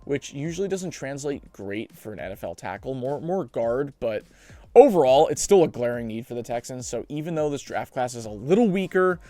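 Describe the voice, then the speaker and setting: A young man hosting a sports show, giving chatty, animated mock draft commentary with joking asides. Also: mid-range voice, a little fast, no echo, faint music behind.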